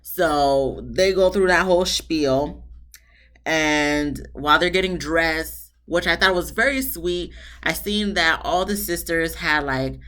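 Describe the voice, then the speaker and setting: Chatty woman reviewing a TV show. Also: slow. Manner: chatty and animated, jumps into high-pitched asides. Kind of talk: casual solo review chat.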